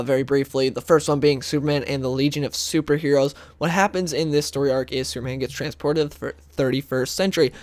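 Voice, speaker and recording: A man's voice: fairly high pitch, no echo. Man casually recapping comic stories. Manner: rambling, lots of "like" and "uh"; briefly acts out characters' lines. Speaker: comic book video host. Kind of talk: casual spoken story recap.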